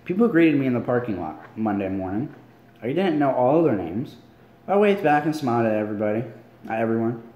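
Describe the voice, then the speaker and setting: Though tired and yawning, this amateur reader sounds very animated and brisk, with a mid-range voice, as he casually reads a novel aloud at home. He often stumbles and corrects himself, and the phone recording in an echoey room sounds lo-fi.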